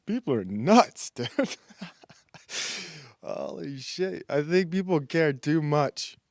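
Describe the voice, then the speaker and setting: A man rants through a comedic commentary monologue, crude and sarcastic, rambling between laughs. His voice sits a little high, and it is recorded dry and close, with no room sound. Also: sing-song, slow, dry recording. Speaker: host.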